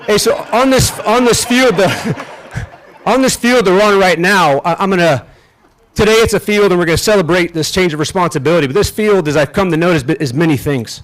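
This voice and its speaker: Middle-aged male general, outdoor ceremony speech, slightly higher voice, halting and folksy. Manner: folksy, self-deprecating, halting with restarts. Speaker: general officer speaking at a ceremony. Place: outdoors on a field.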